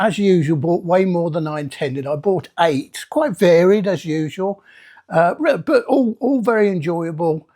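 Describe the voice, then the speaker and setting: Gravelly older man rambling about records. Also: sits high, darkish tone. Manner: rambling, with many restarts and fillers. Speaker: vinyl record reviewer. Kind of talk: casual album review vlog.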